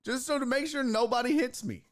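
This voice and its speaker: A man with a very high-pitched voice talks fairly quickly as he hosts a sports talk stream. He spins a long, profane, rambling story in a casual way, tossing in lively impressions.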